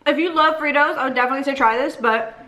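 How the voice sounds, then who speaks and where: A young woman with a fairly high voice chats through an eat-with-me vlog. She giggles often and keeps talking between bites. There is a faint hiss of background noise behind her. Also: racing, bright, forceful tone, low-quality recording. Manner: chatty, giggly, talks while eating. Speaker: vlogger. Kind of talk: casual eat-with-me vlog chat.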